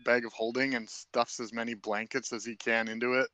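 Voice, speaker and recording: Man at a gaming table, bright tone, smooth voice, brief and matter-of-fact. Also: medium pitch, level tone, brisk, dry recording, low-quality recording. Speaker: player. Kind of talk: casual tabletop play.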